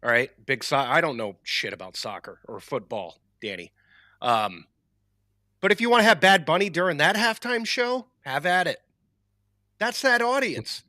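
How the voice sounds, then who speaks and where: A man's voice: a little high, sing-song, moderate pace, bright, forceful tone, no echo, clean studio sound. A man co-hosting a podcast, scornful and sweary in casual banter. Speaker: podcast co-host.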